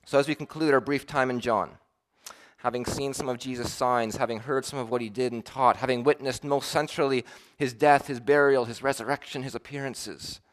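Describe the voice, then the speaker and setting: A male pastor keeps a steady tone and a slightly fast pace while preaching, veering between emphatic declarations and quiet, hushed lines. He acts out quoted voices by pitching upward.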